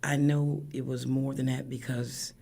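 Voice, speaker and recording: A woman in her fifties, a grieving mother, tells her story emotionally, her voice cracking and often falling to a hushed whisper. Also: a bass voice, flat delivery, measured pace, vocal fry. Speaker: guest, bereaved mother. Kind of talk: emotional personal account.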